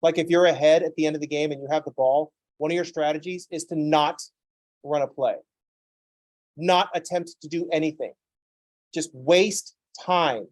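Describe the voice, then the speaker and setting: Male math instructor, higher-pitched, dry close sound, chatty and self-deprecating. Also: fairly even intonation, moderate pace, no room sound, rough recording. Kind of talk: lecture with digressive anecdotes.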